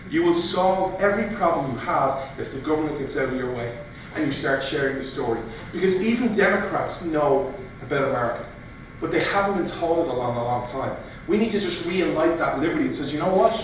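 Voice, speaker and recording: A man giving an animated speech at a political meeting, telling stories and acting out quoted voices. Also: fairly high pitch, a little hiss or hum. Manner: animated, storytelling with mock voices. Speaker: guest speaker. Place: meeting room. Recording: echoey room from far off.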